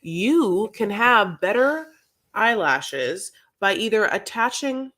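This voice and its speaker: A podcast co-host with a bright, sharp-edged voice, talking in a rambling, opinionated way. The delivery is lively and frank, with plenty of emphatic asides. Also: medium pitch, slow. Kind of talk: casual chat about reality TV.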